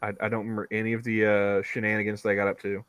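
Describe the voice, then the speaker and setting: A man's voice: lowish voice, completely flat delivery, rapid-fire, fairly bright tone, clean tone, dry recording. Rambling man, close dry mic. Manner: rambling storyteller, repeats words, laughs often. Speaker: podcast co-host. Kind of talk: casual chat.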